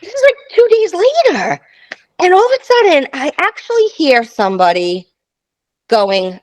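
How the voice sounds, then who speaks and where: A guest in her fifties tells a travel story during a casual chat, animated and laughing as she acts out the voices of the people involved. Her voice is high, her speed normal, and the audio poor.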